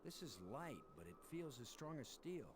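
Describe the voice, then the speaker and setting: A blunt space commander in an old adventure game, lively voice, bit of noise behind. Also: male voice, a little high, moderate pace. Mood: musing. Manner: blunt, dismissive. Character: brash male space commander, blunt and impatient. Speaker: game character, expedition commander. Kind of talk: 1990s adventure game voice acting.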